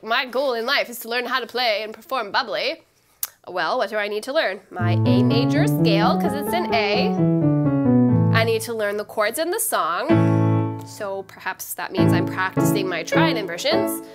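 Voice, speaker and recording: A woman giving a live online piano lesson, explaining chords in an upbeat way while she plays and sings along. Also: medium pitch. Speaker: piano teacher. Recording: loud piano playing under the voice.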